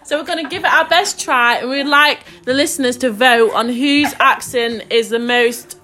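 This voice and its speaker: Giggly high-voiced young woman. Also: moderate pace, sharp tone, soft background music. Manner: giggly, flustered, chatty. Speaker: podcast host. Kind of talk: casual chat.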